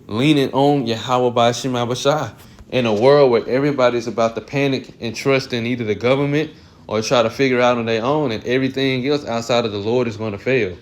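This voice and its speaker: A man reads scripture aloud and reflects on it in a sermon-like talk. His voice sits at an ordinary pitch, and he keeps clearing his throat and correcting himself mid-phrase. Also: fairly even intonation, a little fast. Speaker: Bible teacher. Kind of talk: scripture reading and commentary.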